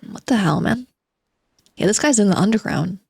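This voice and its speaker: Excitable woman streamer, dry mic. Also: medium pitch, normal speed, gravelly, slightly rough, dry recording. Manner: excitable, relatable asides. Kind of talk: live stream reaction while reading aloud.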